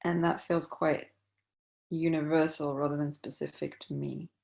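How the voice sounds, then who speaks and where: A woman's voice: deep voice, flat delivery, moderate pace, vocal fry, a little mellow, lo-fi sound. A woman being coached, thinking aloud hesitantly and searching for her words. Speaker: coaching client. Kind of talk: coaching conversation.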